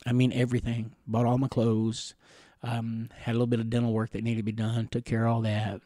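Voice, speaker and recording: A middle-aged man from the Catawba Nation telling personal stories in an interview, rambling gently with chuckles and fillers. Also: medium pitch, monotone, brisk, no room sound, clean studio sound. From Catawba Nation, Carolinas, USA.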